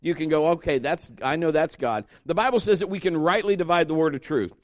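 A man's voice: a little high, dry recording. Male pastor preaching in a dry room. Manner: conversational, joking, with fillers and restarts, slows to stress scripture. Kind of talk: sermon.

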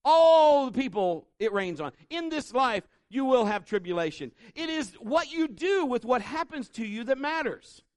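High-voiced pastor preaching conversationally. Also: male voice, normal speed, few pauses, no room sound, studio quality. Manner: conversational, animated storytelling with acted-out quotes. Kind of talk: sermon. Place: church service.

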